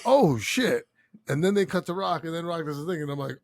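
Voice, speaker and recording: A man co-hosting a podcast, talking in an excitable, animated way with plenty of swearing. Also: fairly high pitch, brisk, vocal fry, no echo. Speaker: podcast co-host. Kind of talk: casual chat.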